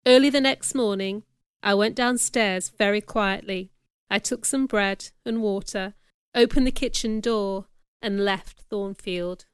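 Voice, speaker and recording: A woman narrating a story in the first person, reading in a clear, measured way. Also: mid-range voice, dry recording, studio quality. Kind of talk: scripted audiobook narration.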